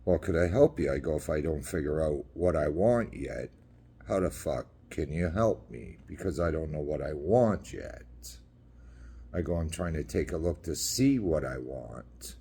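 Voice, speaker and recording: Gruff, low-voiced man ranting. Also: animated, measured pace, mellow. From Canada. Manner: blunt, profane, repetitive storytelling. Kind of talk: casual rant monologue.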